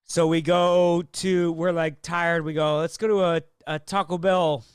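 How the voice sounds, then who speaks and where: A comedian telling a rambling road story in casual chat, full of fillers and acted-out quotes. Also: male voice, on the high side, little pitch movement, unhurried, clear, resonant tone, no echo, clean studio sound.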